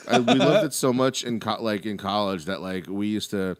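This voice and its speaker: Male co-host with a lowish voice, casual, emphatic, salty language. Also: moderate pace. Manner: animated, profane, emphatic storytelling. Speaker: podcast co-host. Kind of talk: casual chat.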